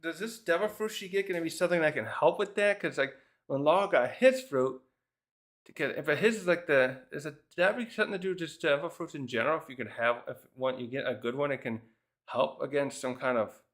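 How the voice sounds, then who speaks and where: A man's voice: a little high, expressive, a little fast, fairly bright tone. A man casually reviewing a manga chapter, thinking aloud with frequent restarts and fillers. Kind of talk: casual rambling commentary.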